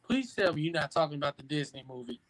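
High-voiced teasing man. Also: rough recording. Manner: animated, teasing, halting restarts. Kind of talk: casual sports chat.

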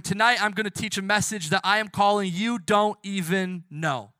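A young male preacher with a high, bright voice, delivering a fervent sermon. He swings between loud, shouted crowd lines and hushed, drawn-out quotes. The sound is dry and close. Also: no echo.

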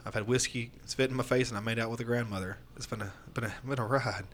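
A man's voice: mid-range voice, fairly even intonation, fast talker, a bit bright, slight background noise. A man, a pro wrestler, talking casually on a podcast in a rambling, candid way with plenty of fillers and restarts.

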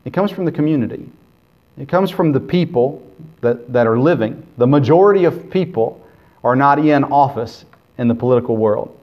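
A man's voice: medium pitch, animated, normal speed. Earnest preaching man, muffled recording. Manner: earnest preaching that swings between loud emphasis and quiet, intimate asides. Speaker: pastor. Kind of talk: sermon. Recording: dull lo-fi sermon recording.

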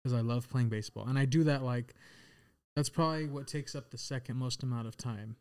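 Twenties male guest, mid-pitched, loose rambling delivery, casual and sweary. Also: brisk, darkish tone, smooth. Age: 20s. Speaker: podcast guest. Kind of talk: casual chat.

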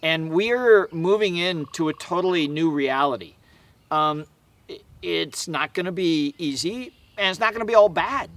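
A man's voice: sits high, a bit bright. A man preaching a sermon in an emphatic, conversational way, with casual asides and fillers. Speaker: pastor.

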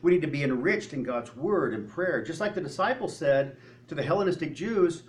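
A man's voice: a little high, lively intonation, fairly quick. A male pastor preaching a sermon in an earnest manner, asking the congregation many rhetorical questions. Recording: distant mic with faint hum.

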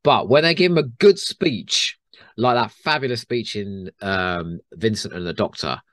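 A man's voice: on the low side, unhurried, no echo, studio quality. A man co-hosting a casual podcast chat, swearing freely and mimicking actors. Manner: animated, laughs often, swears, mimics actors. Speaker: podcast co-host.

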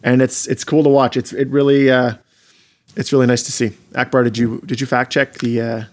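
Male podcast host, mid-pitched, friendly, casual, stop-start delivery. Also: flat delivery, fairly quick, darkish tone. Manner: friendly, restarts often.

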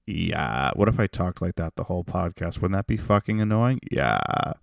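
A young man hosting a solo comedy podcast, ranting in an unhinged way that swings from creepy whispers to loud outbursts. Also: low-pitched, big pitch swings, normal speed, gravelly, no echo, clean studio sound. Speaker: podcast host.

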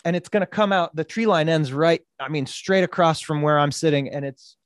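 Animated podcast host telling a story. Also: male voice, a little high, brisk, no room sound. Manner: animated, swearing, acts out quotes loudly. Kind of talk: casual storytelling.

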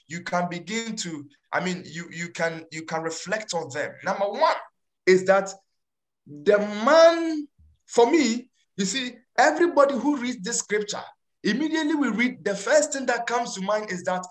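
A woman's voice: medium pitch, a bit bright. A woman preaching a sermon, emphatic and repetitive, often restarting phrases.

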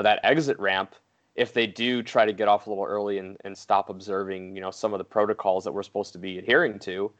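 A man's voice: on the low side, highs cut off. A man co-hosting a podcast, explaining earnestly in casual chat, with some hesitant fillers. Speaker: podcast co-host.

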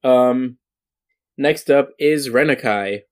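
A man running a tabletop game as game master, talking in a halting way full of ums. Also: mid-range voice, darkish tone.

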